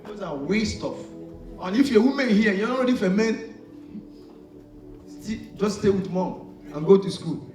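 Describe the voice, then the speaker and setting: A man preaching a lively call-and-response sermon, asking the crowd to fill in words and acting out little scenes as his voice swings from loud to soft. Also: high-pitched, normal speed, pauses often, faint music behind. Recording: echoey hall, far from the mic.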